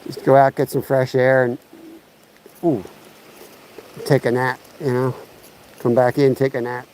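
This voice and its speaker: A man's voice: mid-range voice, little pitch movement, measured pace, a little mellow, poor audio. A man chats his way through a fishing livestream by a lake, rambling casually to viewers as he casts. His voice comes through a chest-mounted mic. Faint outdoor noise and the odd passing vehicle sit behind him. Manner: rambling and chatty, talks to viewers in chat. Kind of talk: casual live-stream chat while fishing outdoors. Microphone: chest-mounted camera mic.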